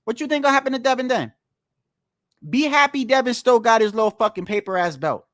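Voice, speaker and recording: A man's voice: extremely high pitch, fairly quick, fairly bright tone, dry recording. Heated, profane man ranting, dry sound. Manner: heated, profane, repeats himself for emphasis. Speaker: boxing commentator. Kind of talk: ranting vlog commentary.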